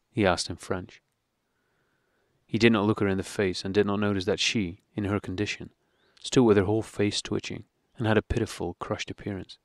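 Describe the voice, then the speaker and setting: A man reading a classic novel aloud as an audiobook, in a steady, measured way. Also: fairly low pitch, dry recording, clean studio sound. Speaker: audiobook reader.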